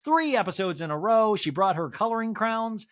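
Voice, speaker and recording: A man's voice: high-pitched, expressive, normal speed, a bit bright, no room sound, clean studio sound. Snarky man recapping reality TV. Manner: snarky, joking asides. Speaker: podcast host. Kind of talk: comedic TV recap.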